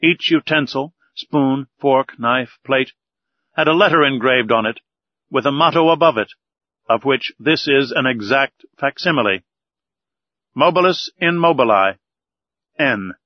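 A man narrating a classic novel aloud in a measured, deliberate reading. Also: mid-range voice, no echo. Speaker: audiobook narrator. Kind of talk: scripted narration. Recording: dull, lo-fi recording.

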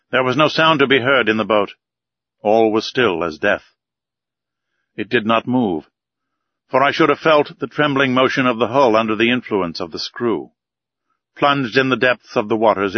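A man narrates an old adventure novel in a steady, measured storytelling voice. The sound is close and dry, with a slightly dull, muffled top end. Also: medium pitch, dry recording. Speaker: audiobook narrator. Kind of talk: scripted narration of a classic novel.

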